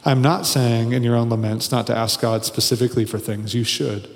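A man's voice: mid-range voice, fairly even intonation, a little fast. Earnest preaching man in a reverberant hall. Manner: earnest, builds to emphatic repetition. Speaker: pastor. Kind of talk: sermon. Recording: long reverb of a large hall.

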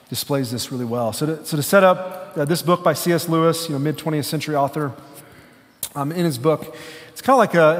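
A man's voice: on the high side, in a large hall. A man preaching an earnest, conversational sermon with some fillers and restarts. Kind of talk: sermon with a story read aloud.

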